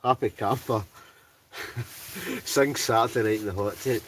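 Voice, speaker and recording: Scottish man, ayrshire accent, low voice, chatty and laughing, a bit far from the mic, faint outdoor hum. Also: fairly even intonation, unhurried, pauses often. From Scotland. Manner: chatty, laughs often, reads out viewer names. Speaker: wild camping livestreamer reading chat. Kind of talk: casual livestream chat. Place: inside a heated tent in the snow.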